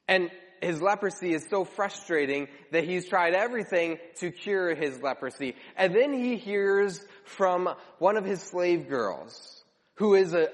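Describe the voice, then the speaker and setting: A man preaching a sermon, retelling scripture with expressive, repetitive storytelling and lively quoted voices. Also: high voice. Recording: long hall reverb.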